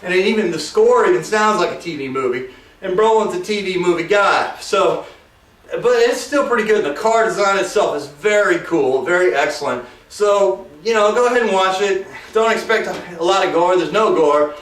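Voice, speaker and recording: A man with a high voice reviews a movie in a loose, joking ramble, full of sarcastic asides. He sounds set back from the mic in a roomy, echoing space. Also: normal speed, a bit bright. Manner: jokey, sarcastic, digressive, mimics characters. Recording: roomy echo, mic far off.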